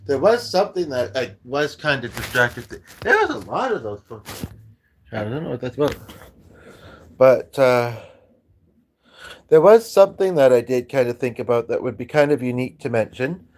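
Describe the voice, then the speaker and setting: A man's voice: mid-range voice, expressive, normal speed, pauses often. A man hosting a casual chat stream, rambling and hesitant, with frequent chuckles and filler ums. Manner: hesitant, many ums and restarts, chuckles often. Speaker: host of a music and chat stream.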